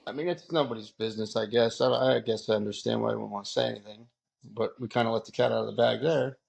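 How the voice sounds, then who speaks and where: A man's voice: medium pitch, quick pace, vocal fry, a little mellow. A man talking in a casual podcast chat, blunt and loose, swearing freely. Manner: blunt, swearing, laughs easily. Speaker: podcast guest.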